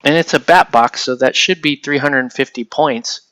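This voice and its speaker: A man from the United States talks loosely to his live chat as he works, wandering between topics with the odd casual curse. His voice sits at an ordinary middle pitch. The sound is dry and close, with no room echo. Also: moderate pace, a bit bright. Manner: chatty, rambling, casually profane, answers chat as he works. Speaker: livestreamer painting miniatures.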